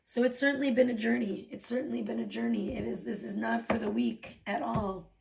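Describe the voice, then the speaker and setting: A slightly high-pitched woman hosts a casual livestream, still getting over a sore throat. She rants with constant swearing, going from low, tired talk to loud outbursts. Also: a little fast, vocal fry, crowd noise. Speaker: livestream host. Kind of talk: casual livestream chat reading donations.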